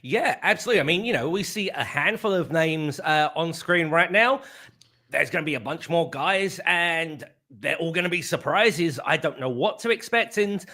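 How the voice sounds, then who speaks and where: Bright upbeat man hosting. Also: a little high, expressive. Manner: upbeat, chatty, quick to laugh. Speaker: host. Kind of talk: casual preview chat. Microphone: video call.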